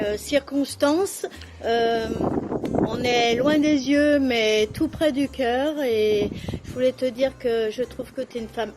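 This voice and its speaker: A woman's voice: high voice, noisy background. A woman leaving an affectionate birthday video message, cheerful with hesitant fillers.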